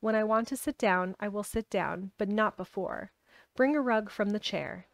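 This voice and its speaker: A proud young boy gives orders in a sharp, commanding way. A woman puts him on while reading a storybook aloud. The sound is dry, with no room echo. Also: medium pitch, normal speed, gravelly, natural voice.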